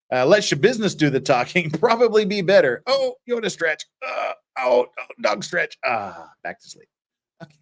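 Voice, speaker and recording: A man with a fairly high voice hosts a loose livestream, reading out viewer comments and answering them bluntly. He swears freely and rambles, restarting his sentences as he goes. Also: fairly bright tone. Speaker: legal commentary livestream host.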